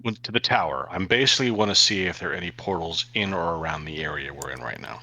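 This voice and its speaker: A man's voice: low voice, fast, sharp tone. A man playing a tabletop game, eagerly explaining what his character does. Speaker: player. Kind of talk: casual tabletop game chat.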